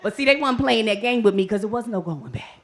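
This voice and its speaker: Animated woman telling a comic story. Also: medium pitch, fast talker, background noise. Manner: animated and comic, acts out her own panicked voice. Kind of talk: live storytelling performance. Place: stage before a live audience.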